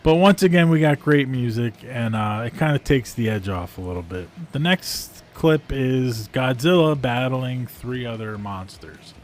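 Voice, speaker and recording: A man's voice: mid-range voice, animated, a little slow, few pauses, darkish tone. Man casually reviewing clips, amused. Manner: amused, rambling, frequent ums and uhs.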